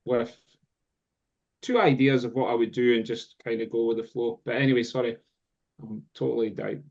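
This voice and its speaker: A Scottish man at mid pitch tells a story in a loose, rambling way, full of fillers and side turns. His voice comes through a muffled, lo-fi recording that rounds off the top end. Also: steady tone, moderate pace, gravelly, a little mellow. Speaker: guest drum teacher. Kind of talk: casual chat. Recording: dull lo-fi sound.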